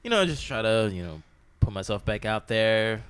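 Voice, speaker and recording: A man's voice: fairly low pitch, very animated, normal speed, a bit bright, clear, resonant tone, dry recording. A young man co-hosting a podcast in casual chat, laid-back, laughing often and filling his talk with "you know". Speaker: podcast co-host.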